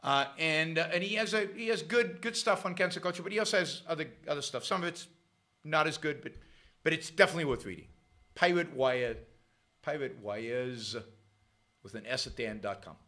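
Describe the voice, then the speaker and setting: A middle-aged man hosting a show, talking in a sarcastic, animated commentary with frequent restarts. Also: a little high, a little fast. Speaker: show host. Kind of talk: casual commentary monologue.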